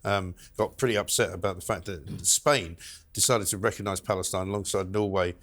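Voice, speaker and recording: A man's voice: sits low, steady tone, brisk, a bit bright. A man hosting a panel show, chatting with wry, chuckling asides. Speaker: host.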